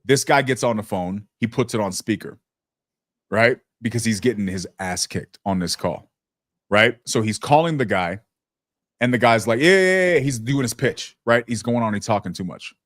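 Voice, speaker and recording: A young man hosts a business podcast in a casual, blunt way. He swears easily and acts out the people in his stories with lively impressions. His voice sits close and dry, with no room sound around it. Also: on the low side, moderate pace, no room sound. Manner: blunt, profane, storytelling with animated impressions. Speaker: podcast host.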